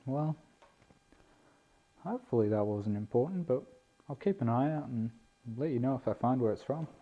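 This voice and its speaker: An expressive, mid-range voice at normal speed carries this RC plane hobbyist's unboxing of a model plane. He stays laid-back and self-deprecating, filmed indoors with a camera mic that yields dull, lo-fi sound.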